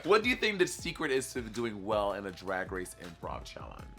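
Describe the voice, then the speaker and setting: A man's voice: on the low side, wildly swooping pitch, moderate pace, a bit bright, breathy edge, soft background music. A man hosting a casual chat, playful and campy, laughing often. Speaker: host.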